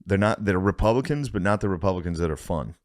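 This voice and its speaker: A man co-hosting a podcast, a stand-up comedian in casual banter, crude and deadpan, acting out crowd voices. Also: low voice, fast talker, no room sound, clean studio sound.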